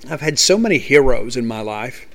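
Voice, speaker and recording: Man of medium pitch, earnest and conversational, hosts a recovery podcast. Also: sing-song, moderate pace. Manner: earnest, conversational, repetitive fillers. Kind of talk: personal recovery talk.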